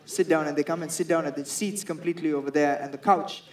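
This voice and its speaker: A young man with a Sri Lankan English accent performing a stand-up comedy set, telling stories and acting out the people in them in loud bursts. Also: fairly high pitch, quick pace. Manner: animated storytelling, acts out quoted people in loud bursts.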